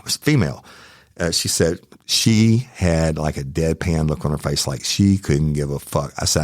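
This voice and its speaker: A man's voice: rumbling low, expressive, moderate pace, no room sound, clean studio sound. A middle-aged man with a Southern Louisiana accent, telling a heated true crime story on his podcast, cursing often and quoting back-and-forth exchanges. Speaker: podcast host.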